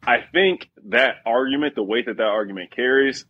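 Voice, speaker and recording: A man on a video call giving a measured analysis, padded with "like", over muffled lo-fi call audio. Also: mid-range voice, husky. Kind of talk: casual panel chat on a video call.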